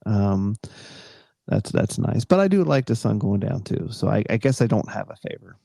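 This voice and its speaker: Gravelly low-voiced middle-aged man. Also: big pitch swings, moderate pace, warm tone, no echo, clean studio sound. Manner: rambling, many fillers and restarts. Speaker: podcast co-host. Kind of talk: casual chat.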